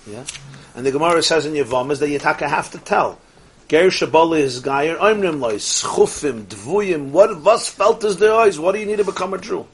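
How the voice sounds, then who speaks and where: A rabbi gives a Torah lecture in English sprinkled with Yiddish and Hebrew terms, shifting between soft asides and rising exclamations. His voice is fairly high, with slight background noise in the clip.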